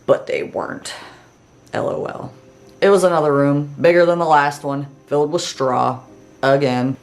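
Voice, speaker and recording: A woman's voice: low voice, steady tone, moderate pace. A woman hosting a comedic fairy tale retelling, narrating casually with sarcastic asides. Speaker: storyteller host.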